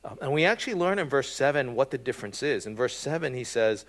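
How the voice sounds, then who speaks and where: A man preaching a sermon in a relaxed, conversational way, often checking in with his listeners with "right?" and filling pauses with "um". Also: medium pitch. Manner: conversational, frequent "right?" and "um" fillers. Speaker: pastor.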